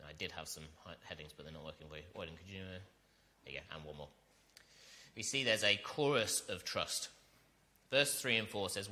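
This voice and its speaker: Earnest preacher man, bright voice. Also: fairly low pitch, fairly quick. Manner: earnest, rising to loud emphatic peaks; asks the congregation rhetorical questions. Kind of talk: sermon.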